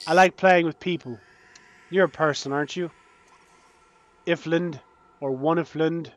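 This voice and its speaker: A man casually commenting on his own gameplay, swinging between low muttering and frantic panicked outbursts. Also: measured pace, slight background noise. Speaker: gaming channel host.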